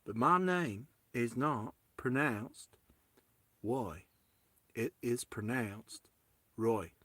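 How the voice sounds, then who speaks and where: A man putting on a doting Southern American man who speaks in a slow, heavy drawl and insists gently on being heard. The voice comes across bright and keen, and each line lingers in the mouth. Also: medium pitch, animated, dry recording, pitched below the performer's own voice. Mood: doting, insistent. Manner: insistent, affectionate.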